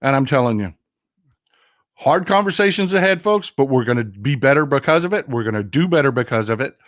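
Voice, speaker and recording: A man at a middle pitch rants about politics on his own show, swearing freely and calling his viewers folks. His voice sounds dry and close, with almost no room around it. He talks in a casual, animated way. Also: a little fast, dry recording. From Texas. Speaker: political commentary host. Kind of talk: casual political livestream rant.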